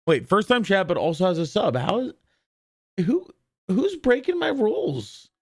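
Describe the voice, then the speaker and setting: A man's voice: high-pitched, wildly swooping pitch, moderate pace, vocal fry, a little mellow, slightly rough. A young man streaming live, chatting casually and greeting his viewers one by one in an upbeat, rambling way while his voice is wearing out. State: losing his voice.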